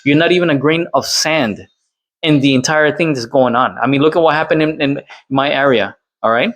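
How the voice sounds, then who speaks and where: A man's voice: mid-range voice, a little fast, fairly bright tone. A man from Colombia doing reaction commentary, lecturing and repeating his points with tag questions. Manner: lecturing, repeats points with "all right?" and "okay?".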